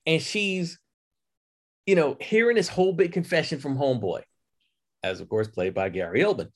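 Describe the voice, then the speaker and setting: An animated man talking casually about movies, profane and expressive, slipping into quoted voices as he goes. His voice sits a bit high for a man and swings widely in pitch. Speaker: podcast co-host. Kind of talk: casual film chat.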